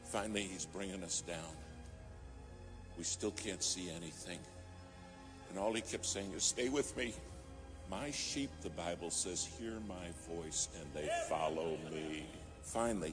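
A man preaching a sermon, telling a story and rising to fervent emphasis. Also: low voice. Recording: music playing behind.

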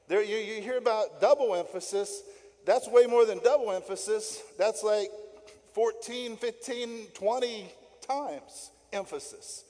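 A man with a high but mellow, warm voice delivers an emphatic sermon. He is middle-aged and talks to the congregation directly, driving points home with repetition and tag questions. A long reverb from the sanctuary trails every phrase. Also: moderate pace. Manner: emphatic, keeps asking "right?" and repeating key points. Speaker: lay guest preacher. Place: church sanctuary.

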